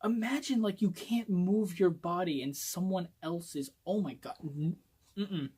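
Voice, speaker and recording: Male vlogger, casual phone-recorded book review, excitable and profane, rambling delivery. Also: sits high, a little slow, a little hiss or hum. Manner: rambling, swears often, excitable.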